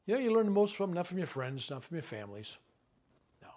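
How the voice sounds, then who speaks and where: A man's voice: high-pitched, sing-song, warm tone. A reverend leading a healing workshop, talking in a folksy, conversational way. He jokes, asks rhetorical questions and acts out what people might say. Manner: acts out people's words in quick asides. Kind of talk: spiritual teaching talk to a live group.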